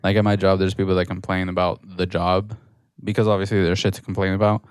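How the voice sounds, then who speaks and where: A young man co-hosting a relaxed podcast, with a lowish voice. He swears a lot and keeps slipping into quick impressions of the people he talks about. The sound is dry and close to the mic. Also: smooth, dry recording. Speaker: podcast co-host. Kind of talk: casual chat.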